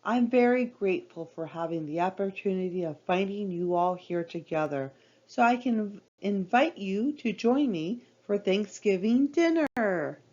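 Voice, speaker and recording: Polite, cheerful storybook boy, unhurried, read by a woman, muffled sound. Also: medium pitch, animated, a little mellow. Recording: dull lo-fi recording.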